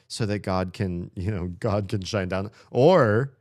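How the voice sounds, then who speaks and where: Low-voiced, playful male game streamer. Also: animated, a little slow, darkish tone, dry recording, studio quality. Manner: playful, chatty, laughs often. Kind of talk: casual game commentary.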